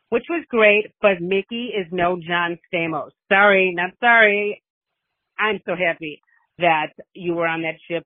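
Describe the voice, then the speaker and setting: Middle-aged mom rambling on a voicemail, gushy, dry tinny phone sound. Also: female voice, fairly low pitch, no room sound. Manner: gushing, chatty, breathless. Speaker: listener calling in with a voice message.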